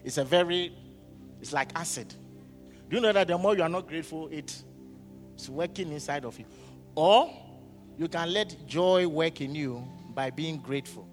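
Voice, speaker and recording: Preaching in a church hall, this pastor often asks the congregation questions and pauses for them to respond. His voice is on the high side, and he speaks at normal speed with many pauses. The recording carries hall reverb and faint music.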